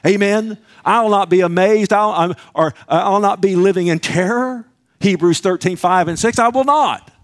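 A man's voice: high voice, moderate pace. A man preaching a sermon, emphatic and conversational, often asking the congregation "Amen?" and acting out little dialogues.

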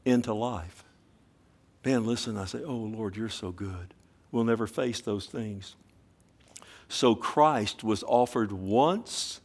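A man preaching a sermon, firing rhetorical questions at the congregation and repeating key words fervently. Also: mid-range voice. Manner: sweeping from loud emphasis down to hushed tones.

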